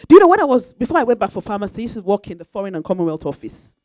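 A woman's voice: mid-range voice, sing-song, very fast, a little mellow, dry recording. A woman preaching a sermon in an emphatic, repetitive way, now and then breaking into sung phrases. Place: church.

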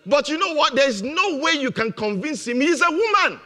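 A man's voice: very high voice, sing-song, normal speed, bright, forceful tone. A man preaching a motivational sermon, emphatic and repeating his key phrases, laughing now and then at his own jokes.

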